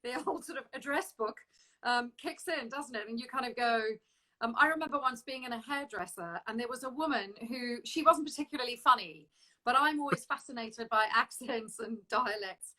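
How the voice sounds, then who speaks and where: A woman hosting an interview, chatty and expressive, who laughs often as she talks. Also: on the high side, normal speed, rough recording. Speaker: interview host. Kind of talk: casual interview chat.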